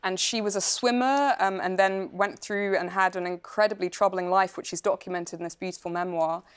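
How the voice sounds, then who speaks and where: Actress guest, woman, mid-pitch, animated and reflective, lots of fillers. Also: a little fast, clean tone. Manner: animated and thoughtful, frequent fillers. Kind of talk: casual chat show interview.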